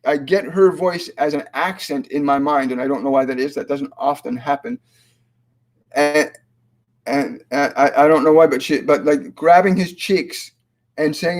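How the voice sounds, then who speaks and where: Slow, halting male spiritual medium. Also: a little high. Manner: halting, with many fillers and restarts; slow, measured delivery when relaying messages. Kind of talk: live-stream Q&A reading.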